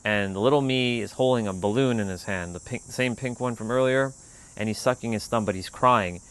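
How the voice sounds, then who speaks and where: A man hosting a spiritual livestream, telling a personal story in a relaxed, rambling way with lots of "like.". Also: on the low side, fairly quick, clean tone.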